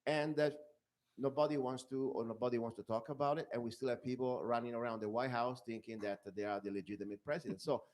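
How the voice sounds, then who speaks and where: A man's voice: medium pitch, fairly even intonation, fast talker, darkish tone. A man with an Italian accent hosting a political interview, chatty and full of short affirmations. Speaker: host.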